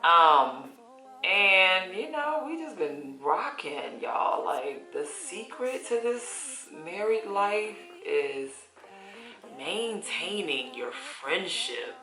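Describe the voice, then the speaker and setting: A woman's voice: fairly low pitch, sing-song, extremely slow, pushed and bright. A woman in her thirties chatting casually while doing her makeup, laughing often and using folksy slang. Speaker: beauty vlogger. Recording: echoey room with faint music.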